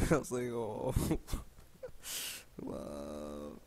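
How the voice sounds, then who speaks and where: A man's voice: deep voice, lively intonation, drawn-out words, poor audio. A young man talking casually to the camera late at night, loose and profane, half talking to himself. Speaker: vlogger. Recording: loud background noise.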